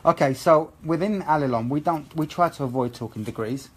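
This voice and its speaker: A man's voice: a little high, brisk. A man with a British accent, a hair educator explaining a live haircut demonstration step by step. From England. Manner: explains steps methodically, asks okay?.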